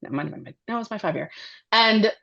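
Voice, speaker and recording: A woman who directs and produces children's television, chatting as an interview guest in a chatty, animated way with many fillers. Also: medium pitch, very fast, creaky, highs cut off. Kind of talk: casual interview chat.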